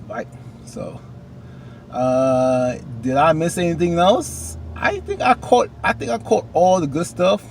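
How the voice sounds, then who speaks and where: Man, casual TV recap, animated, faint background hiss. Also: a little high, takes it slowly. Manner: animated, talks back to characters with rising outbursts. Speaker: TV recap vlogger.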